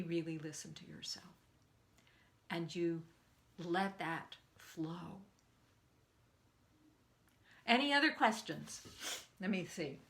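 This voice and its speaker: An older woman coaching a live online group, telling a personal story and acting out the quoted lines with lively jumps in pitch. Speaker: speaking coach.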